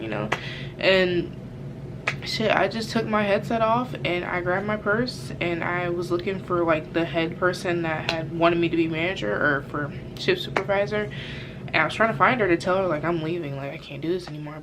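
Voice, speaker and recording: A young woman telling a casual storytime vlog, rambling with lots of fillers and frank cursing. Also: on the low side. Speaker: vlogger. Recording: background noise.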